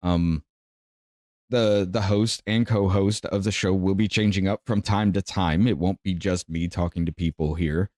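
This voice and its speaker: A man's voice: low-pitched, fairly even intonation, normal speed, darkish tone, no room sound, studio quality. A man hosting a podcast, talking in a chatty, casual commentary tone. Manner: chatty and conversational, says y'all. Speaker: podcast host.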